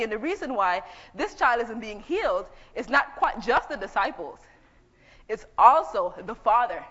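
A woman's voice: a little high, a bit bright. A woman preaching a sermon, teaching conversationally and reading scripture aloud. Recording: dull echoey hall.

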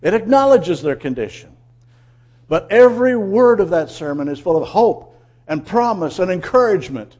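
A man preaching a sermon, swinging between loud, emphatic lines and quiet, confiding asides. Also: sits high, sing-song, normal speed. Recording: dull lo-fi sermon recording.

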